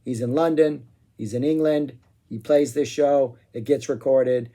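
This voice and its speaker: A man giving a casual spoken music review, excitable and rambling, with frequent "um"s and asides. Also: medium pitch, unhurried.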